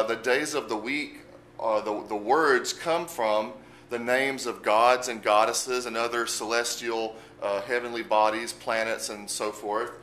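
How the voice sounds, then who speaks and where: A man's voice: mid-range voice, a bit bright, roomy sound, a little hiss or hum, low-quality recording. A man giving an unscripted language lesson, speaking patiently and spelling words out letter by letter. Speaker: Spanish teacher.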